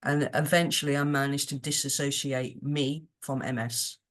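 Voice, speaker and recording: A woman's voice: very deep voice, flat delivery, normal speed. A British woman, a podcast guest, chatting casually in a rambling, earnest way with many restarts. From United Kingdom.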